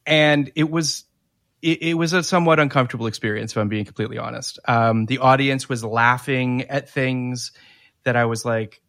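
A man's voice: medium pitch, normal speed, fairly bright tone. A man co-hosting a podcast in casual chat, opinionated and prone to stammering restarts. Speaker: podcast co-host.

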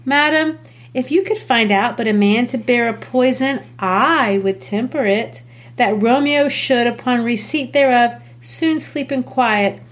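Guarded grieving young noblewoman, read by a woman in a lifted, expressive voice. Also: on the high side, measured pace. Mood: anguished. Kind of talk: classroom read-aloud of a play.

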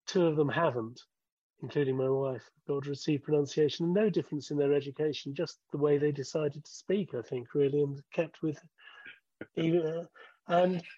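A man in his sixties, a former broadcaster, talking as an interview guest in a measured way, thinking aloud and restarting sentences. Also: a little high, steady tone, warm tone, no room sound, dull audio. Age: 60s. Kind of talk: conversational interview.

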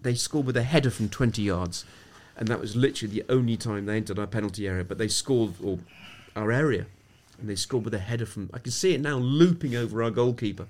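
A man's voice: fairly low pitch, fast, hardly any pauses, a little mellow. A middle-aged man from England, a sports psychologist speaking as a podcast guest, reflective and anecdotal, often restarting his sentences. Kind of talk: podcast interview storytelling.

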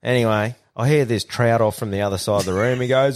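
A man's voice: mid-range voice, quick pace. An Australian man in his thirties co-hosting a podcast, swearing and laughing as he tells stories. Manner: laid-back, swears a lot, laughs often. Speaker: podcast co-host. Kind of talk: casual chat.

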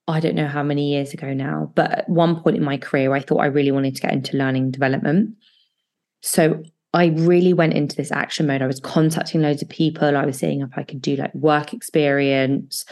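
Woman podcast host, low voice, coaching advice, reassuring, slows down for breathing exercises. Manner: warm, reassuring self-help delivery with slow guided breathing passages.

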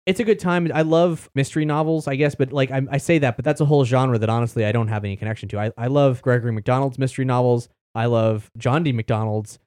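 A man's voice: mid-range voice, steady tone, quick pace, few pauses, a little mellow, no echo, clean studio sound. A man hosting a podcast, chatting casually and rambling about books he has read, with the odd swear word. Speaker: podcast host reviewing books. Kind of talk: casual chat.

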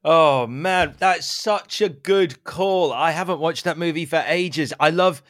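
Male podcast host, fairly high voice, dry close sound, playful and upbeat. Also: fairly bright tone, no echo. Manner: upbeat and playful, quick to laugh. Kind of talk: casual podcast chat.

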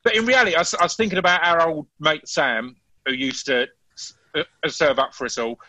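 A man telling stories in a casual chat, animated, with frequent restarts. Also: a little high, a little fast, dry recording, rough recording.

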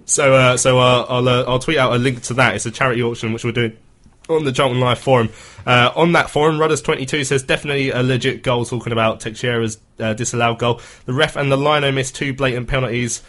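A man hosts a football phone-in radio show, talking casually and quickly but hesitantly, with lots of fillers and restarts. His medium-pitched voice is steady in tone and a touch bright.

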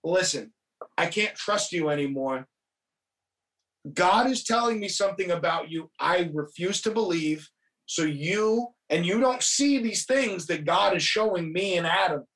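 A man voicing a stern, zealous middle-aged father who mutters low, profane threats. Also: lively intonation, measured pace, a bit bright, distant mic, full character voice, low-quality recording. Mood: menacing.

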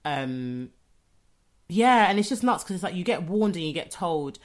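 A woman's voice: lowish voice, lively intonation, normal speed. Giggly woman. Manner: giggly, chatty, lots of fillers. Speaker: podcast co-host. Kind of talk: casual chat.

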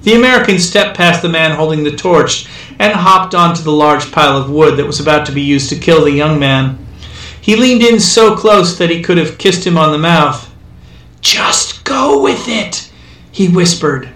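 A male storyteller reads with wry, dry comic timing. His voice is bright and sits a bit high. The sound is roomy and echoes, with the mic set some way off. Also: moderate pace. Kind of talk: scripted narration. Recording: echoey room, distant mic.

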